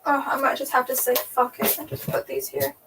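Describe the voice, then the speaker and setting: High-voiced young woman rambling aloud. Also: little pitch movement, brisk, vocal fry. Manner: rambling, thinking aloud, frequent "like" and "um". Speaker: booktube host. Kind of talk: casual livestream chat while reorganizing shelves. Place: room at home with bookshelves. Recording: distant mic with faint background noise.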